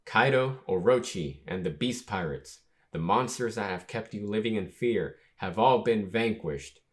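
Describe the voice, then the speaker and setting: A man's voice: lowish voice, animated. A man reading as a solemn young ruler. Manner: formal, measured delivery. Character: young male ruler giving a solemn proclamation.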